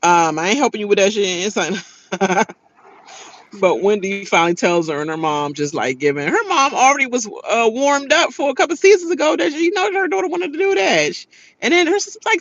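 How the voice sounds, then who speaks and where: A woman's voice: a little high, lively intonation, brisk, a bit bright, lo-fi sound. A woman giving a casual, slangy rant recapping a reality TV episode, laughing often as she talks.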